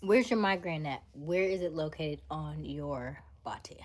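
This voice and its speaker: A woman's voice: low-pitched, unhurried, a little mellow. A young woman hosting a casual livestream, greeting viewers in chat and laughing often. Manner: laughs often, reads and answers chat names. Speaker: livestream host.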